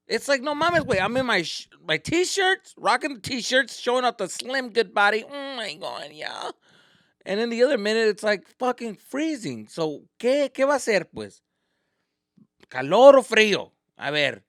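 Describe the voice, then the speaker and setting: A man's voice: sits high, measured pace, no room sound, studio quality. A man hosting a casual solo podcast, ranting profanely and mixing in Spanish. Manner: profane, animated, slips into Spanish. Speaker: podcast host. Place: indoors at home.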